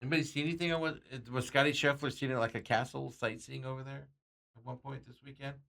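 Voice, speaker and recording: A man's voice: mid-range voice, steady tone, fast talker, vocal fry, a bit bright. A man hosting a sports talk show, chatting casually about bets and reading out viewer comments with frequent chuckles. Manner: rambling, chuckles often, reads out viewer comments. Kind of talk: casual sports betting chat.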